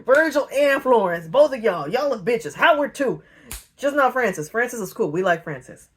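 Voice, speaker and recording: A woman casually retelling a novel, slangy and joking, briefly acting out the characters' lines in quick voices. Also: fairly high pitch, expressive, slightly rough. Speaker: book retelling video host. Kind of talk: casual comedic story retelling.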